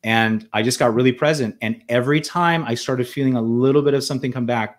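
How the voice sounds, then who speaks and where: A man's voice: mid-range voice, fairly even intonation, fairly quick, few pauses. Man telling his story earnestly. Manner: earnest, reflective, with many restarts and repeated words. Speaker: interview guest. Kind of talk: conversational storytelling.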